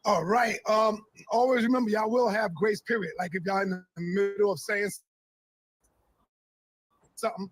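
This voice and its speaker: Husky relaxed moderator man. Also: sits high, normal speed, long pauses, dry recording, faint music behind, rough recording. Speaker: debate moderator. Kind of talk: casual moderating.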